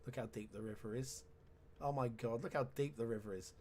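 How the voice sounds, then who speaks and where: A man's voice: mid-range voice, fairly quick, a little mellow, a little hiss or hum. A man giving casual let's-play commentary, chatty and wry with sarcastic asides. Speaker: game commentator.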